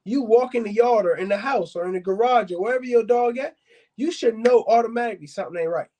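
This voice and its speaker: A man's voice: very high-pitched, quick pace, warm tone. A man hosting a casual dog-advice talk, speaking straight to his viewers with blunt, emphatic repetition and calling them fam and y'all. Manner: blunt, emphatic, repeats himself for stress. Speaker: dog breeder and podcast host.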